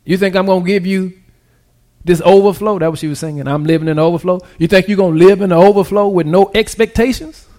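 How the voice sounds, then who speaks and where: A man preaching a sermon, calling out to the congregation and moving between hushed asides and loud, excited peaks, with casual everyday grammar. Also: high voice, fast talker. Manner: preaching with call-and-response, swinging from hushed to shouted. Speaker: pastor.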